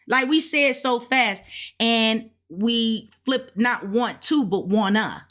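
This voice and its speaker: A woman reviewing beginner flashcards out loud, thinking aloud in a relaxed, colloquial way and slowly repeating words to practise them. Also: fairly high pitch. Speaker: language learner reviewing flashcards. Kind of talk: casual self-study walkthrough.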